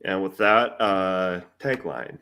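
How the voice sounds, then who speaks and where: A man with a low voice co-hosting a relaxed film podcast. He talks slowly and hesitantly, often restarting his sentences. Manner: slow, hesitant, many fillers and restarts. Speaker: podcast co-host. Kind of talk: casual film chat.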